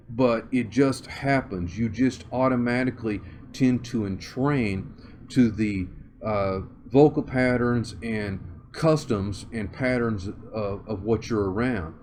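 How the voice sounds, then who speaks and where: A man with a Southern accent from Oklahoma, giving an interview and thinking aloud with many pauses and restarts. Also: mid-range voice, darkish tone, slight background noise. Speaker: interview guest. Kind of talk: conversational interview.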